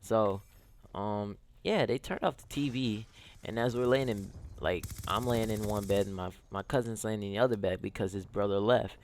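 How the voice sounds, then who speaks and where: A man's voice: lowish voice, normal speed, slight background noise. A young man telling a casual storytime on his gaming channel, rambling and slangy with lots of "like" and "yo".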